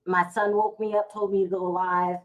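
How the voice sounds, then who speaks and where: A woman's voice: medium pitch, flat delivery, moderate pace, narrow, tinny audio. A middle-aged woman, hosting a casual live stream from home, chatty and emotional as she talks to her viewers. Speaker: vlog host going live.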